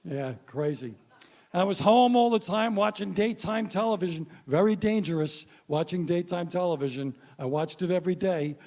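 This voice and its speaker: A man's voice: high voice, moderate pace, darkish tone. A man in his sixties doing a stand-up comedy set on stage, punchy and wry, talking straight to the crowd. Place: stage before a live audience.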